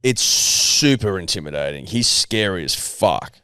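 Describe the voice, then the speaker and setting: A man's voice: deep voice, lively intonation, measured pace, bright, forceful tone, smooth, dry recording. A man co-hosting a sports podcast, emphatic, swearing and calling everyone "mate". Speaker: podcast co-host. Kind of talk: casual sports chat.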